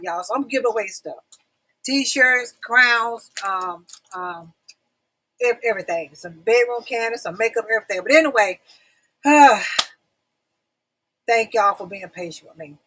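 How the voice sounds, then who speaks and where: A woman's voice: medium pitch, pushed and bright, low-quality recording. A middle-aged woman hosting a casual livestream talk show, chatty and repetitive, talking straight to her viewers. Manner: chatty, repeats phrases, calls audience y'all.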